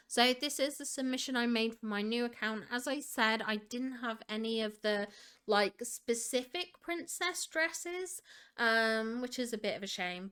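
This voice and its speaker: A woman with a fairly high, slightly bright, smooth voice hosts a gaming channel. She gushes enthusiastically over fan screenshots in casual commentary, leaning heavily on the filler "like."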